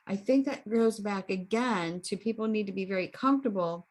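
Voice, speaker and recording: Woman co-host, steady and explanatory, mid pitch. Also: normal speed, hardly any pauses. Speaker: hypnosis practitioner and co-host. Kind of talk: candid chat.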